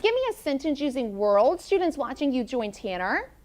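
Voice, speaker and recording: Background noise accompanies a woman teacher whose high voice rises and falls dramatically. She chants letters and sounds slowly and deliberately in a classroom phonics drill, calling on pupils encouragingly.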